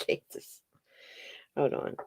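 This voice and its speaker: A livestream host in a casual trivia chat, reading questions aloud and answering viewers' guesses while chewing on a snack. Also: slow. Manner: talks while chewing a brownie.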